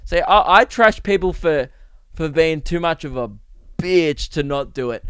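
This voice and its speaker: A man's voice: on the high side, animated, unhurried, clean tone, no room sound, clean studio sound. A young man hosting a comedy podcast, riffing crudely and acting out silly bits. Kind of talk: rambling comic monologue.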